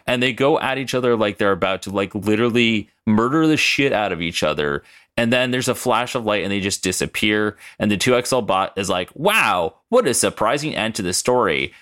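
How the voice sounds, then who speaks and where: A man's voice: on the low side, a bit bright. A young man hosting a casual podcast, rambling, swearing and laughing as he recaps a story tape. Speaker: podcast co-host.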